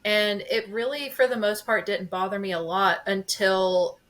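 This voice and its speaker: A woman's voice: mid-range voice, fairly even intonation, unhurried, fairly bright tone. Woman co-host confiding openly. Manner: open, confiding. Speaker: podcast co-host. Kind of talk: casual podcast chat.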